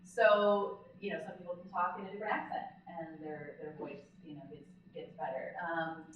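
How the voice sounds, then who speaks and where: A woman's voice: sits low, little pitch movement, moderate pace, slight background noise. Woman lecturing in a very echoey hall. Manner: conversational, often checks in with "okay?"; demonstrates voice techniques as she explains them. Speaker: speech-language pathologist presenting a workshop. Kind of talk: live conference lecture. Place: large conference hall. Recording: very echoey hall, distant, dull lo-fi sound.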